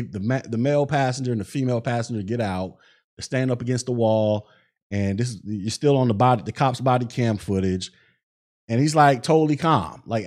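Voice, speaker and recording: A man hosts his podcast, walking through events in a loose, conversational way. His voice sits at an ordinary middle pitch, and he leans on fillers and acts out bits of what people said. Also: darkish tone. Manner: conversational, recounts events with many fillers and acted-out quotes. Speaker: podcast host. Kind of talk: casual commentary.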